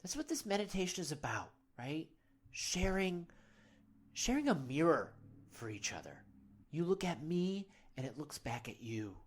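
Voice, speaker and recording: A man hosting a parody guided meditation, rambling and earnest, often soft-spoken. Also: a little high. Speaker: host.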